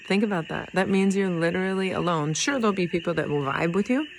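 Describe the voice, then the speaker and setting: Low-ish woman rambling earnestly to her viewers, lots of little laughs, bit of hiss in the background. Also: a little fast, rough recording. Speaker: vlogger. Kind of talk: heartfelt personal talk to camera. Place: in Puerto Rico.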